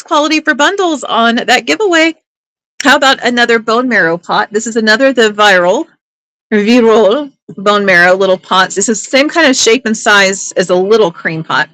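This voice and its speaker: A woman's voice: a little high, normal speed, fairly bright tone, dry recording, low-quality recording. Chatty woman selling on a live auction stream. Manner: chatty and upbeat, with playful teasing asides. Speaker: live online auction seller. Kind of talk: casual live-sale patter.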